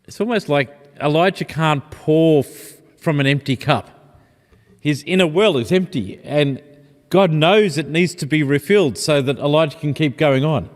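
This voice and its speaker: A man preaching a sermon in a gentle, reflective, personal way. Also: fairly high pitch, normal speed. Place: church. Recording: long church reverb.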